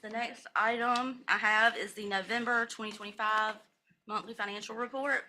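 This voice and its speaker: A woman with a bright, clear voice reads through a county financial report at a commissioners' meeting. She walks through percentages and dollar amounts in a steady, methodical way and corrects herself briefly when she misspeaks. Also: fairly high pitch, moderate pace, slight background noise.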